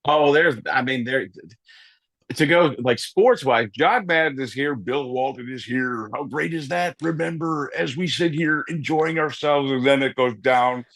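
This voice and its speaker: A man's voice: mid-range voice, measured pace, fairly bright tone, no room sound, studio quality. A man, a comedian, chatting animatedly as an interview guest and slipping in and out of voices. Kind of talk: lively interview chat.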